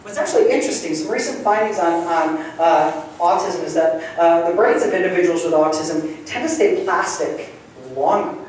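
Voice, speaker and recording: A man gives a friendly, conversational public lecture, easygoing and quick to chuckle. He is picked up from well back in the room, so his voice is wrapped in strong echo. There is faint background noise. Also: a little high. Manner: conversational, good-humored, chuckles often. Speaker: guest lecturer. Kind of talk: public lecture with audience questions. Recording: roomy hall sound from far off, faint noise.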